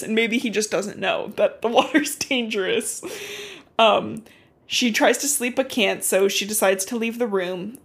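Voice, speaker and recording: A young woman co-hosting a podcast, casually recapping a book as an animated storyteller who swears and uses lots of fillers. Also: mid-range voice, normal speed, slightly rough. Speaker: podcast co-host.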